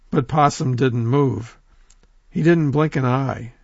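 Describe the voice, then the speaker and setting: Gravelly male folk-tale storyteller. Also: mid-range voice, a little slow, no room sound, highs cut off. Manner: lively, animated, addresses listeners directly.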